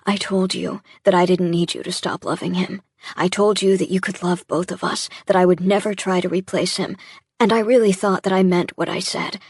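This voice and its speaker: A woman voicing a jealous young man at the end of his rope, his words halting and pained, his voice breaking as he speaks. The voice is husky and breathy. It sits dry and close, with no room around it. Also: on the low side, steady tone, a little mellow, dry recording. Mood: anguished. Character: distraught young adult man, jealous boyfriend. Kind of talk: audiobook dialogue reading.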